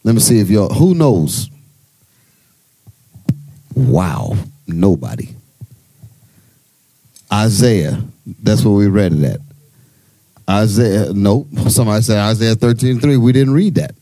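A man's voice: on the low side, animated, slow, pauses often, dark tone, no echo. A man leading a bible study, stopping readers and quizzing the group. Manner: quizzing, commanding. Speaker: church leader.

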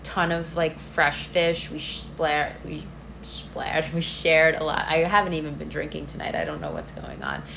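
A woman with a low voice for her sex co-hosts a podcast in lively, chatty talk. She gets excited easily and leans heavily on "like" between phrases. A faint hiss runs under the recording. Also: a little slow, creaky. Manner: chatty and excitable, heavy use of "like". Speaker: podcast co-host. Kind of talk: casual chat.

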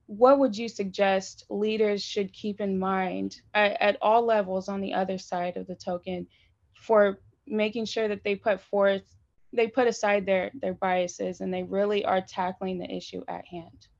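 A woman's voice: mid-range voice, darkish tone. Woman moderator asking long rambling questions, muffled lo-fi sound, mid voice. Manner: halting questions with restarts. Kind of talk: casual panel discussion. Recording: dull lo-fi audio.

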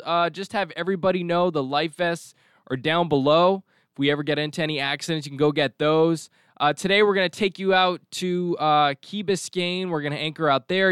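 A man's voice: fairly high pitch, fairly bright tone, clean tone, no echo, clean studio sound, pitched above the performer's own voice, lightly acted. Man putting on a chipper yacht captain. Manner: breezy welcoming briefing. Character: cheerful upbeat male yacht captain.

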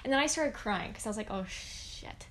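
A young woman co-hosting a casual podcast chat, telling an animated story and acting out what she said back then. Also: a little high, rapid-fire, a little hiss or hum. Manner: animated storyteller who acts out her past self. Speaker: podcast co-host.

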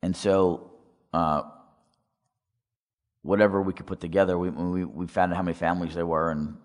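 Deep-voiced man telling a story in a hall. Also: flat delivery, normal speed. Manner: storytelling, acts out quoted dialogue, asks audience questions. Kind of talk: testimony talk to a congregation. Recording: long hall reverb.

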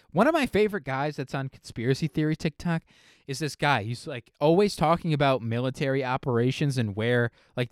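A man talking through a casual solo podcast episode, rambling from one tangent to the next with plenty of swearing and filler words. His voice sits at an ordinary middle pitch, and the recording is dry and close to the mic. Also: clear, resonant tone, dry recording. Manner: rambling, profane, filler-heavy. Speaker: podcast host.

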